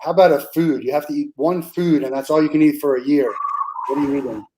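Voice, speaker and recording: A man's voice: on the high side, fairly even intonation, quick pace, warm tone, a little hiss or hum, low-quality recording. A man hosting a podcast interview, chatting casually, with frequent restarts and fillers. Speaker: podcast host.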